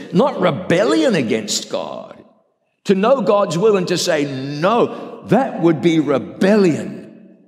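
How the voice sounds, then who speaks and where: A man's voice: fairly high pitch, a little mellow. A man pastor preaching an emphatic, dramatic sermon and acting out quotes. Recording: reverberant hall.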